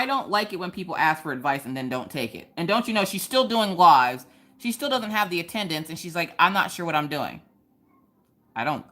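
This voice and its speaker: A young woman with a low-pitched voice chats casually while crafting on a livestream from home. She rants in an animated way and breaks into sudden high exclamations. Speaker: livestream host.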